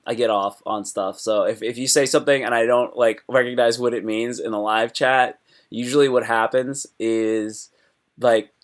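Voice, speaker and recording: A man hosting a live stream, recapping fights in loose, excitable chat that jumps from topic to topic and breaks into sudden loud yelps. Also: mid-range voice.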